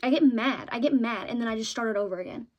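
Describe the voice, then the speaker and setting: A young woman vlogging in a chatty, excitable way about her favorite shows and books, often ending points with "okay?". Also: a little high, fast talker, highs cut off.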